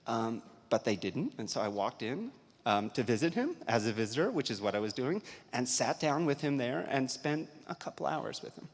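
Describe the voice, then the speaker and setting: A man's voice: medium pitch, moderate pace. Male reporter spinning an anecdote for a crowd; echoey convention hall. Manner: lively anecdotal storyteller, reads aloud then chats. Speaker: investigative reporter. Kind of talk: conference talk with storytelling.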